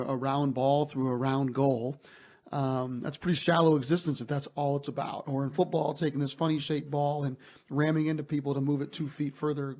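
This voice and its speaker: A man's voice: on the high side, a little mellow. A man speaking as a guest executive in an interview, earnest and emphatic, often repeating words as he starts a thought. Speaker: basketball team executive, guest. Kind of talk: interview answers.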